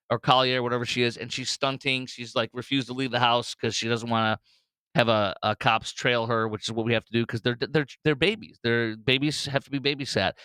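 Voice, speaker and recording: Male host, opinionated solo commentary, blunt and sarcastic, clear resonant voice, dry studio sound. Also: mid-range voice, sharp tone, no echo. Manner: blunt, mocking, with many fillers and restarts.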